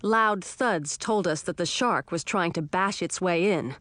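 A woman giving scripted first-person narration of a children's story in a clear, even storytelling manner. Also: fairly low pitch, a little slow, no room sound. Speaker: audiobook narrator.

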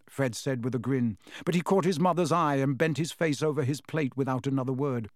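A man's voice: mid-range voice, fairly quick, hardly any pauses, no room sound, studio quality. A man narrating a storybook as an audiobook, reading expressively.

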